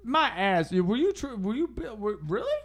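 A man's voice: high-pitched, big pitch swings, normal speed. A young man co-hosting a podcast, chatting casually and telling profane, rambling stories. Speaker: podcast co-host.

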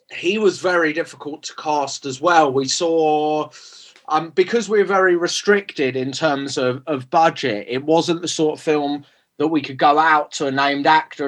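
A man's voice: a little high, fairly bright tone. Chatty man, lots of restarts. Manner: rambling, many restarts and fillers. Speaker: film director. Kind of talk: casual interview answers.

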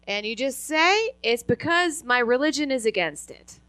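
A woman doing stand-up on a club stage, in a mock-serene, deadpan delivery. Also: high voice, measured pace, clean tone, no room sound. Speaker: stand-up comedian. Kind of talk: stand-up set.

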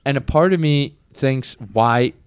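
A man co-hosting a casual podcast chat, speaking in a soft, self-deprecating way. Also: mid-range voice, unhurried, smooth. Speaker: podcast co-host.

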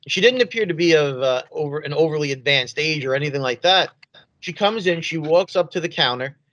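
A man's voice: a little high, expressive, a little fast, a bit bright, no room sound. A man co-hosting a podcast, telling a casual anecdote with easy laughs. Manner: easygoing anecdote teller, laughs at his own stories. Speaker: podcast co-host.

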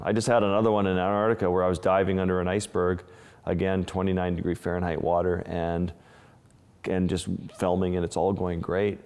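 Male underwater photographer, deep voice, casual storyteller, lingering reverb on the track. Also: darkish tone. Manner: casual, restarts phrases, vivid retelling. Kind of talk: interview storytelling.

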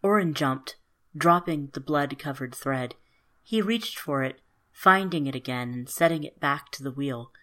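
A woman calmly narrating a fairy tale in an even storybook manner. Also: low voice, measured pace.

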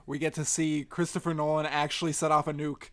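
A man's voice: a little high, little pitch movement, brisk. A man co-hosting a movie podcast in casual chat, joking and sarcastic. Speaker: podcast co-host.

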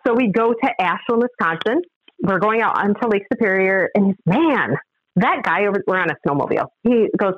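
A woman's voice: mid-range voice, moderate pace, dry recording. Middle-aged woman telling a story, voice jumps all over, dry dull recording. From Upper Midwest of the United States. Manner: lively, acts out other people's lines. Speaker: guest. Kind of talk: animated storytelling.

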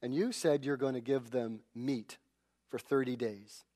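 A preacher doing an exasperated, doubting Moses. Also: male voice, mid-range voice, steady tone, dark tone, natural voice. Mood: incredulous. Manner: rapid incredulous questions. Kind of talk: retelling a scripture story in a sermon.

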